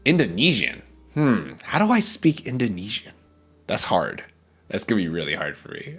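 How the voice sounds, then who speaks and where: A man's voice: on the low side, wildly swooping pitch, normal speed, a bit bright, husky, soft background music. A man streaming casually, talking enthusiastically about food and greeting his chat. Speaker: VTuber streamer.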